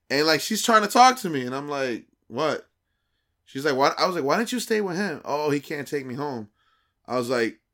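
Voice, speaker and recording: A man co-hosting a podcast, telling a dating story in casual, profane slang and acting out the quoted dialogue with lively shifts. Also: fairly high pitch. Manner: animated, acts out quoted dialogue; profane, slangy street talk.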